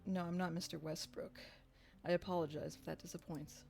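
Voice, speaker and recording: A woman's voice: fairly low pitch, fairly even intonation, a little fast, gravelly, darkish tone, soft background music. A woman voicing a neat, formal male accountant, attempting a British accent with a clipped, dry politeness.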